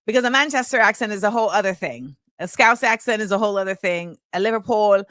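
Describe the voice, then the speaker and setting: Chatty woman host, bright and dry. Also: mid-range voice, expressive, fast, dry recording. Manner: chatty, rambling with many fillers. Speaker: podcast host. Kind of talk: casual chat.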